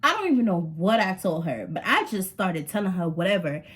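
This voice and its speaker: A young woman telling an animated storytime vlog, slangy and talking straight to her viewers. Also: on the low side, fairly quick, breathy edge. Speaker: vlogger. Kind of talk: storytime vlog, casual chat.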